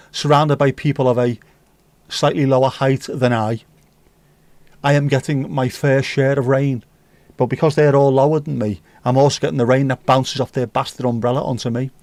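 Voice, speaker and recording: A man's voice: mid-range voice, fairly even intonation, normal speed, a little mellow, no room sound. Jokey, sweary man chatting on a livestream. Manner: rambling, jokey, sweary anecdotes. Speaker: livestream host. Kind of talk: casual livestream chat.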